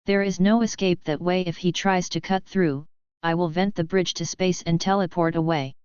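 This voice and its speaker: Cold contemptuous male dark lord, read by a woman, low voice, muffled sound. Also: fairly even intonation, moderate pace, clear, resonant tone, dry recording, natural voice. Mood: menacing.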